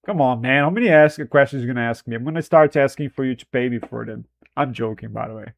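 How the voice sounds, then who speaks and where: A man's voice: mid-range voice, fast, creaky, no echo. A man chatting casually on a live stream while editing video, rambling and self-deprecating, often breaking into laughter.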